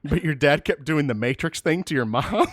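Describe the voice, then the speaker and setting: A man's voice: on the high side, animated, normal speed, a bit bright, dry recording, studio quality. A man co-hosting a casual podcast, rambling in a laid-back, self-deprecating way. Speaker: podcast co-host. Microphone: voice chat mic.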